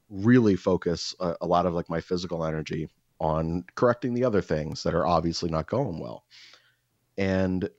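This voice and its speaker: A man co-hosting a podcast, telling a story in casual chat, animated and swearing as he acts out quotes. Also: sits low, no echo, dull audio. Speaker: podcast co-host.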